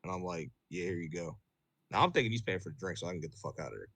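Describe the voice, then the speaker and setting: A man's voice: sits low, racing, slightly rough, no room sound. Profane man telling a story casually. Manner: profane, animated, lots of "bro" and fillers. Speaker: podcast host telling a story.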